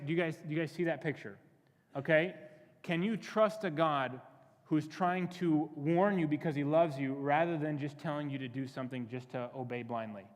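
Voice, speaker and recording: A fairly high-voiced man preaching to a youth group, full of energy and questions for the crowd. His voice rings out with a long church-hall reverb. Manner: energetic, asks the crowd many questions, repeats words. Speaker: youth pastor. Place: church sanctuary.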